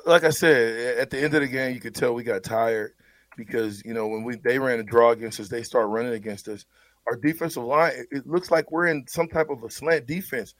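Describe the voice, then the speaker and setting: A man's voice: mid-range voice, no room sound. A man, a former player, breaking down a football game in blunt, emphatic casual talk, often stumbling over repeated words.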